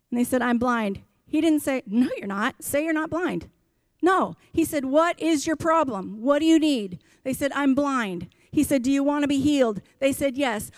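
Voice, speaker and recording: A woman's voice: high voice, no room sound, studio quality. A woman pastor preaching a sermon in a church, impassioned and emphatic, driving her points home with repetition.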